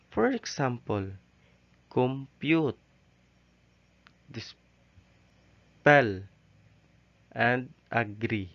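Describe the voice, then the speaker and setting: A male teacher giving a recorded lesson, halting often with "okay" and "so". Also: medium pitch. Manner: slow, halting delivery with frequent "okay" and "so". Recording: dull, lo-fi recording.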